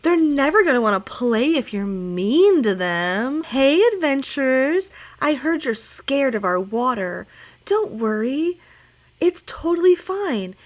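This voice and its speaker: A woman's voice: sits high, very animated, slow, pitched above the performer's own voice, exaggerated voice. A woman voicing a playful merfolk creature who sounds sugary, coaxing and falsely sweet.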